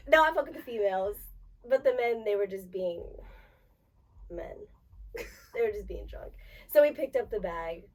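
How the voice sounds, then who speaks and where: A young woman co-hosting a podcast, telling club stories in casual chat with an animated, profane delivery. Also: mid-range voice, moderate pace, long pauses, recorded from a distance. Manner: animated, profane, bursts of laughter. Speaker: podcast co-host.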